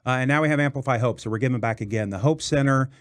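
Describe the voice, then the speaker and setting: Enthusiastic man pitching his company. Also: racing, no room sound, clean studio sound. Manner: energetic, enthusiastic, promotional. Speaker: guest, company founder. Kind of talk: casual studio interview. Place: studio.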